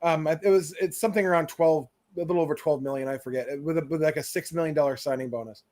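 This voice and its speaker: Male podcast co-host, higher voice, earnest, halting and wordy, remote call. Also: a little mellow. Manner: earnest, searching for words with many restarts. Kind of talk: casual chat. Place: video call.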